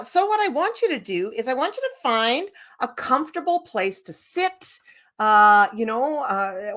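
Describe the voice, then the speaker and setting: A woman leading a laughter yoga session, bubbly and giggly, gently coaching the viewer directly. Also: fairly high pitch.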